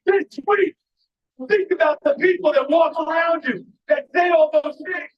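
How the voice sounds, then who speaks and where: A man giving a live motivational keynote speech, emphatic and often shouting to the crowd. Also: very high-pitched, unhurried, distant mic, highs cut off. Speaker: motivational speaker. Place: large live event venue.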